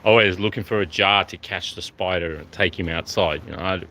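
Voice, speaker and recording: Man, meandering monologue, low-pitched, bright edge. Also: brisk. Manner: meandering, offhand, jumps between topics. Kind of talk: rambling monologue to camera.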